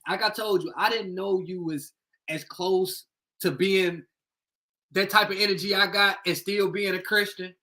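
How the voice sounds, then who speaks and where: A man hosting a podcast, chatting casually, curious and quick to laugh. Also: high voice, steady tone, pushed and bright. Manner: laughs easily, curious, interjecting. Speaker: podcast host. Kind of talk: casual chat.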